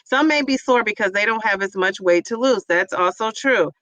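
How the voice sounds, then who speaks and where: In this casual live chat, a woman reads out viewer comments and responds, chatty and enthusiastic, cheering her audience on while wandering through filler words. She speaks at a moderate pace in a mid-range voice with a fairly bright tone. There's no room sound, and the recording quality is low.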